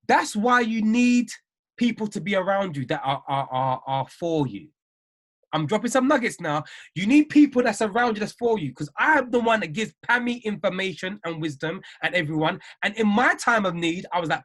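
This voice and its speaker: A man's voice: high-pitched, big pitch swings, moderate pace, a bit bright. A man giving an emphatic, repetitive motivational live-stream talk as a trading mindset coach. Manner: emphatic, repeats phrases, preachy.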